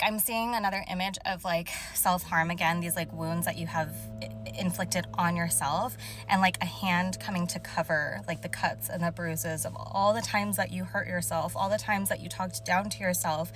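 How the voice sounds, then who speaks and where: A young woman speaking casually as a spiritual channeler, emotional and halting, full of fillers as she describes images to viewers. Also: on the low side, fairly even intonation, a bit bright, soft background music. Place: car.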